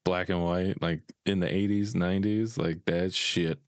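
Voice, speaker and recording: Deep gravelly man, laid-back rambling co-host, dry close sound. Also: steady tone, unhurried, no room sound. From California. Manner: laid-back, rambling, frequent fillers, blunt cursing. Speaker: podcast co-host. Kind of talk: casual podcast chat.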